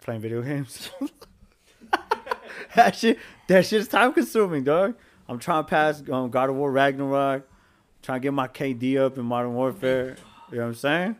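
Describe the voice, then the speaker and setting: A young man co-hosting a podcast in loose, slangy banter. He laughs often and teases his friends, his voice sitting at an everyday middle pitch. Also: moderate pace. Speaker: podcast co-host. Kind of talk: casual chat.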